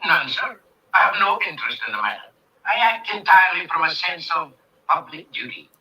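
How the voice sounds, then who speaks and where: An actor playing a pompous, litigious older country gentleman who rolls his r's, in 1930s film acting. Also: on the high side, sing-song, brisk, full character voice. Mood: indignant. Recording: distant old film soundtrack, faint hiss.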